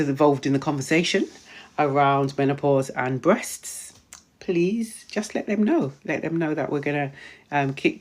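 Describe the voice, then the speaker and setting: A woman's voice: deep voice, a little mellow. Chatty woman host greeting live viewers. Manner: chatty, greets viewers by name, repeats phrases. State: voice going hoarse. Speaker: menopause wellness practitioner and live-stream host. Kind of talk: casual live-stream chat.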